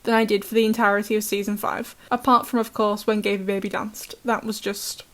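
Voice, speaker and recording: A woman's voice: mid-range voice, flat delivery, fairly quick. A British woman recapping a cartoon episode in chatty, sarcastic commentary, laughing often. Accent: British English. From Britain.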